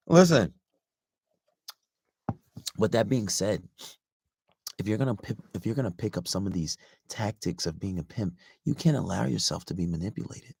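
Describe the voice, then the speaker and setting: Gravelly guy ranting dating advice, swears a lot, keeps going "right?", dead dry sound. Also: a little high, a little mellow, no echo. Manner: emphatic, profane, repeats points, keeps asking "right?". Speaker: dating coach. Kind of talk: casual advice monologue.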